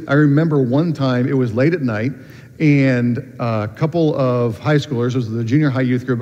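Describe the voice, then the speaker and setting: A man preaching a sermon in a relaxed, conversational way, with frequent ums and restarts. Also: medium pitch. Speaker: pastor. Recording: dull sound with long reverb in a hall.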